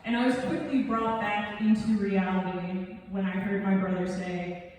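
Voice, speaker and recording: A woman's voice: mid-range voice, steady tone, unhurried, few pauses, darkish tone, distant mic, a little hiss or hum. A young woman telling a comic personal story on stage, with self-deprecating timing. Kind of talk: live storytelling performance. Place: theatre stage. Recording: echoey hall recorded from afar. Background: audience laughter.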